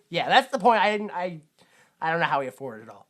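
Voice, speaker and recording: A man's voice: on the high side, big pitch swings, a little fast, fairly bright tone. Male podcast co-host, casual and rambling, laughs a lot. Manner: rambling, laughs often, lots of fillers. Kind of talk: casual comedic movie discussion.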